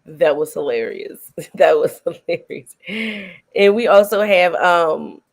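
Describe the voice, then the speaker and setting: Animated middle-aged woman chatting about films. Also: sits low, slow pace. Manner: animated, laughs often while retelling scenes. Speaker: host. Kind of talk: casual film review chat.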